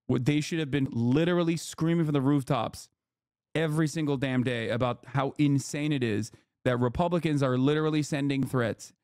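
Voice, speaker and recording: A man's voice: mid-range voice, a little mellow, no room sound, clean studio sound. A man in his thirties giving heated political commentary as a streamer, ranting with sarcastic asides. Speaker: streamer reacting to news.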